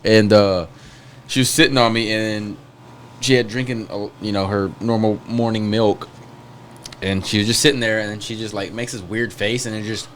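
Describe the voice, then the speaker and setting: A man's voice: fairly low pitch, steady tone, moderate pace, a bit bright, a little hiss or hum. A young man, telling rambling, self-deprecating stories in a casual podcast chat.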